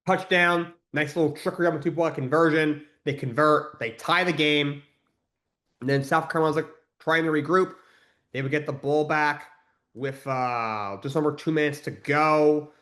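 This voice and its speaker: A man's voice: fairly high pitch, steady tone, normal speed, fairly bright tone. A man hosting a sports podcast, recapping games in casual talk, rambling with fillers and restarts and giving blunt opinions.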